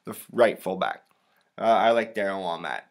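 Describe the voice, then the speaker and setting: A man's voice: sits low, moderate pace, gravelly. A young American man hosting a podcast, giving a rambling, profane and blunt solo soccer preview in casual talk. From United States. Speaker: podcast host. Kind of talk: casual solo sports commentary.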